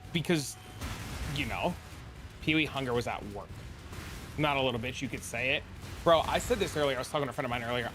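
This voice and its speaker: A man's voice: on the high side, a bit bright. A man streaming a video game, talking to chat in a blunt, profane, heated rant. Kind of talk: casual live stream rant.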